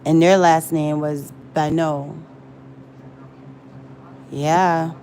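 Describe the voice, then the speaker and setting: A woman's voice: low-pitched, steady tone, extremely slow, dark tone, slight background noise. A woman rambling and searching for words in a casual livestream chat. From American South. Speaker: livestream host.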